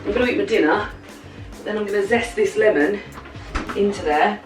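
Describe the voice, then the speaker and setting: A woman's voice: medium pitch, normal speed, faint music behind. Woman in her thirties, chatty home vlogger, rambling and giggly, slightly stuffy with a cold. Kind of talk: casual chat. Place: home kitchen.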